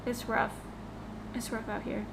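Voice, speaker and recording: A woman co-hosting a casual podcast chat over a call, talking loudly into her desk microphone in an animated way. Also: fairly high pitch, a little slow. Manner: loud, near-yelling into the mic, animated. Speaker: podcast co-host. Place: home.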